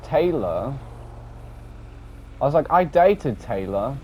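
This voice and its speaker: A man rambling casually about an online game session, swearing often and tacking on a low, dropped "mate". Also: very animated, takes it slowly, a little mellow. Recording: dull lo-fi audio with faint background noise.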